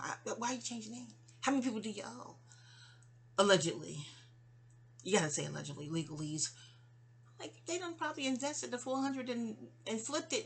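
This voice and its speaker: A middle-aged woman talks straight to her mother in a candid, meandering personal monologue. Her voice is breathy and husky yet bright and forward. She stumbles and restarts often as she drifts from one thought to the next. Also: on the high side. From New York. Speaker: vlogger.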